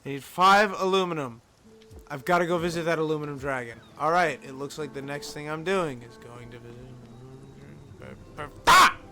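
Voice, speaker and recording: Bright-voiced male game streamer. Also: on the high side, a little fast, soft background music. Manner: chatty, self-mocking asides to chat. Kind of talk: live gameplay commentary.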